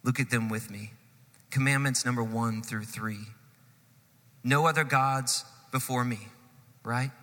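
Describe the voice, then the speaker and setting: A man preaching a sermon, telling a story with animated swells and sudden drops in loudness. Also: medium pitch, measured pace, pauses often, in a large hall. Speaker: pastor.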